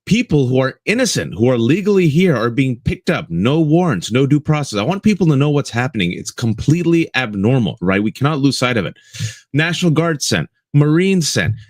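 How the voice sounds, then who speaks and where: Emphatic man with lively pitch, dry sound. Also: a little fast, no echo. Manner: emphatic, repeats lines for effect, addresses listeners as folks. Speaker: co-host. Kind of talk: impassioned political commentary.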